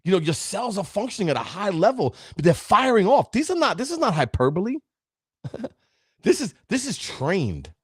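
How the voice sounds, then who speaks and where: A man's voice: high-pitched, huge pitch swings, normal speed, a bit bright, husky, no room sound, clean studio sound. A man, giving an emphatic, preachy motivational talk as a podcast host and speaking straight to his listeners. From Brooklyn, New York. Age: 50s.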